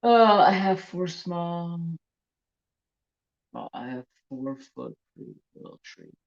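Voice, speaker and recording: His voice sits high, gravelly and expressive, at a slow pace, muffled from a handheld phone recording. On a casual crafting livestream he greets chat viewers and spins salty, rambling stories while reading the live chat.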